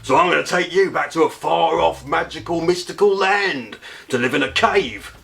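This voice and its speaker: A man voicing a huge, blunt female dragon with a slow, drawling delivery, for a bedtime storybook. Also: fairly high pitch, vocal fry, fairly bright tone.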